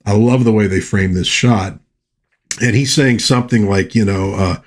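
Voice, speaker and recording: A man's voice: on the low side, normal speed, slightly rough. A man casually narrating a film review, retelling scenes and briefly mimicking characters' lines, talking loosely with fillers and restarts.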